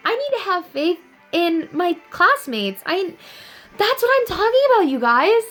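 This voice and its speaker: A young woman talking earnestly and upbeat to her viewers in a casual inspirational vlog, telling a story with animated ups and downs. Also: extremely high pitch, a little slow, faint music behind, poor audio. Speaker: vlogger.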